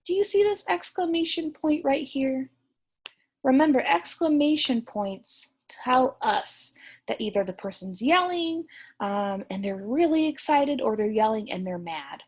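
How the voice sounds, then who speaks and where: A young woman teacher reading a picture book aloud to young students, slow, gentle and encouraging, stopping to ask the class questions. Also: high voice, lively intonation, slightly rough.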